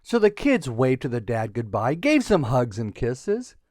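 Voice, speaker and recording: A man narrating a children's story in a lively, playful way. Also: medium pitch, a little slow, no room sound, studio quality.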